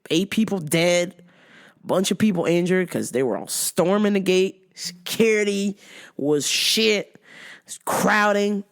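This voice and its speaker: A woman hosting a casual chat show who swears freely, laughs often and tells stories animatedly. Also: lowish voice. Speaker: host.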